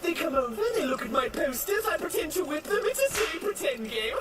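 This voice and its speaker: Woman voicing a vain posh female pony, affected drawl, fan parody cartoon, high voice, distant under loud music. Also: very animated, a little fast. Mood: haughty. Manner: haughty, theatrical.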